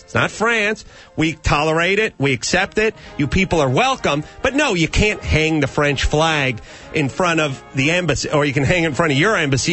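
A man's voice: sits high, sharp tone. A man hosting a talk radio show from a studio, ranting emphatically with sarcastic rhetorical questions. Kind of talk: talk radio banter and rant.

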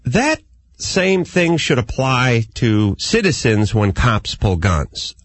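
A man with a slightly husky, gritty voice rants through a casual comedic talk show in a studio. His pitch swings widely as he jumps into high, yelping impressions of the people he describes. The sound is close and dry. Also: slow, no room sound. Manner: animated ranting, mimics people in high yelps.

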